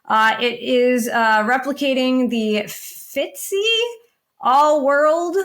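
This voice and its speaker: Woman on a panel, kinda high voice, lots of ums, just laying out the facts. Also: takes it slowly, a bit bright. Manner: frequent "um" and "uh" fillers, matter-of-fact. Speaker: guest judge analyzing funds. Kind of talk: casual panel discussion.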